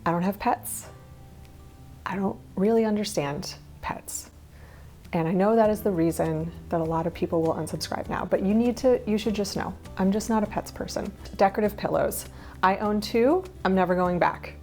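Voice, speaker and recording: A woman's voice: mid-range voice, normal speed, mellow, soft background music. A woman in her thirties talking through her minimalist habits in a casual vlog, chatty and candid with small laughs and asides. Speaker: minimalist lifestyle vlogger.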